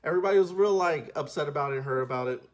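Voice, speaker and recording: A man giving a casual film review in a slangy, animated way, often acting out scenes. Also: a little high, racing.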